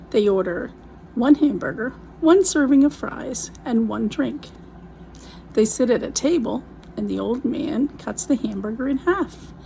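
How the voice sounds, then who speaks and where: A woman's voice: fairly high pitch, creaky, warm tone, slight background noise, rough recording. A woman telling a countdown of marriage jokes as the channel host, building to each punchline. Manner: storytelling with punchline delivery. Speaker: joke teller, channel host. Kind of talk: scripted joke countdown narration.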